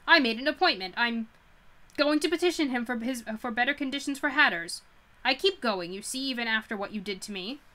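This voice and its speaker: A woman's voice: mid-range voice, fast, few pauses, bright, forceful tone, natural voice. Woman reading as a defiant cursed girl. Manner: indignant, defiant. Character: cross young woman cursed to be old, defiant.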